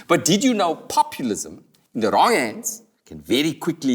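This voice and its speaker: South african guy doing a comedy bit, pitch jumping all over the place, playful and animated. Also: measured pace. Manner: animated, jokey, swings between voices. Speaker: comedian host. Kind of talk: comic monologue.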